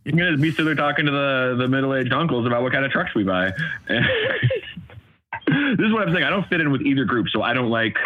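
A man in his thirties talks as a podcast guest, rambling and poking fun at himself. He speaks fast and laughs often. The audio is dull and lo-fi, as if from a basic podcast mic. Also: medium pitch, animated, slight background noise. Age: 30s. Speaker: podcast guest, comedy writer. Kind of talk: casual podcast chat.

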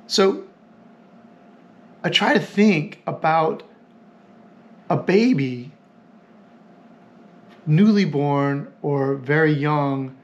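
A man hosting a podcast, telling a story in a reflective, halting way and repeating phrases as he thinks aloud. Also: on the high side, dull audio. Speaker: podcast host.

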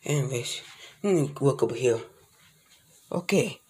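Husky voice, bouncy pitch, rambling plush roleplay w lots of uh uh uh. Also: animated, measured pace, darkish tone. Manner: mumbly, rambling, with frequent filler sounds. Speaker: plush toy puppeteer. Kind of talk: improvised plush role-play with casual slang.

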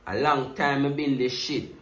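A Jamaican man talks through a music reaction in loose, animated patois, circling back to his pet refrains again and again. His voice sits at an everyday middle pitch. The room around him is roomy, with a clear echo on every line. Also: normal speed, noisy background. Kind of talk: casual music reaction commentary.

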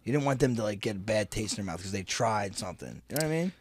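A man's voice: on the low side, expressive, very fast, no echo. A man in casual podcast chat, speaking emphatically and with some profanity.

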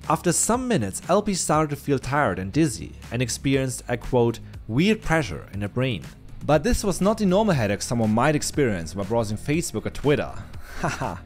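A man hosting a science explainer, giving scripted narration in an explanatory, lightly playful way. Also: mid-range voice. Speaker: science video host.

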